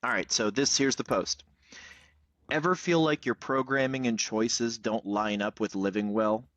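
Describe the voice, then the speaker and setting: A man's voice: fairly low pitch, no room sound, rough recording. A man, hosting a podcast and telling a personal story candidly, with casual swearing. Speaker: podcast host.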